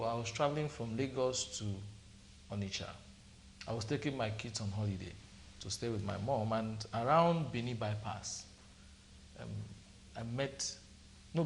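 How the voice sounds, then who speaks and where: A middle-aged man with a Nigerian accent speaks as a studio guest on a television panel. His voice sits at an ordinary pitch and he talks in a measured, deliberate way. He builds his points through a long anecdote, full of small quoted exchanges, with a faint hiss behind him. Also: creaky. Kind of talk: TV panel discussion.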